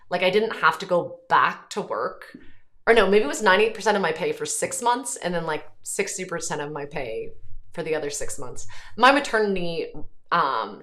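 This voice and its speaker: A woman's voice: fairly low pitch, fairly bright tone. A woman in her thirties hosting a livestream, reading viewer comments aloud and chatting about them in a rambling way, with frequent ums and self-corrections. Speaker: host.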